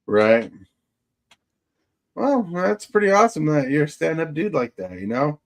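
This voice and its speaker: Unhurried and a bit high in pitch, a man's sing-song voice carries his casual livestream, where he wanders from topic to topic and says hello to viewers by name.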